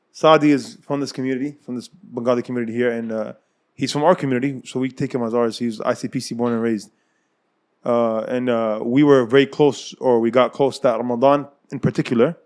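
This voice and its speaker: Speaking a little fast at medium pitch, an American man from the United States recounts his life story in a relaxed way. He frequently laughs and animatedly voices the people he mentions.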